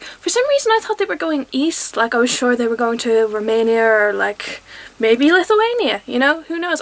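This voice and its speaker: A young woman with a fairly high voice, chatting through a TV episode review. She is enthusiastic and rambling, and she bursts into acted-out quotes as she talks. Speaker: TV review vlogger. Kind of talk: casual review chat.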